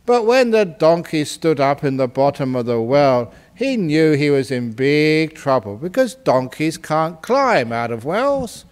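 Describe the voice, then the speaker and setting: A man, a Buddhist teacher, telling a story in a playful, animated way during a dharma talk. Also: a little high, measured pace, hardly any pauses, clear, resonant tone. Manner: playful and animated, laughing often.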